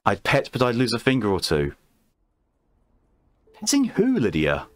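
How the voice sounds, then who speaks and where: A man streaming a game late at night, chatting calmly with his chat and answering messages in a soothing tone. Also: on the low side, brisk, no room sound. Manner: calm, soothing voice meant to lull viewers to sleep.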